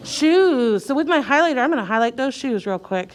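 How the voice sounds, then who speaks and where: A woman teacher leading a young child through a reading lesson, slow and clear, sounding out letters and encouraging. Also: high-pitched, expressive, crowd noise.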